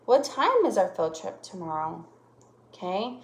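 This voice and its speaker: A woman teacher giving a lesson to young children, speaking slowly and exaggerating her voice changes to demonstrate punctuation. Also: medium pitch, very animated. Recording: echoey room.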